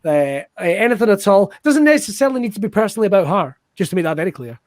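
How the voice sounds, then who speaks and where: Guy hosting online improv, loud and sweary, laughs a lot, dry close mic. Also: sits high, very animated, quick pace, no room sound. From United Kingdom. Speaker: improv show host.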